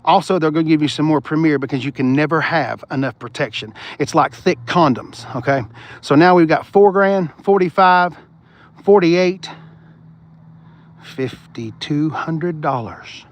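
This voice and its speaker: A man hosting a casual car-talk livestream, rambling and animated, reading out viewer comments and shouting when worked up. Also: fairly high pitch, a little slow. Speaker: livestream host reading chat.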